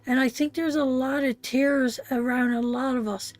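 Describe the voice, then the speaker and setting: A woman's voice: sits high, steady tone, moderate pace, a little mellow, dry recording. A woman giving an emotional live tarot reading, speaking tenderly and directly to her viewers. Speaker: tarot reader.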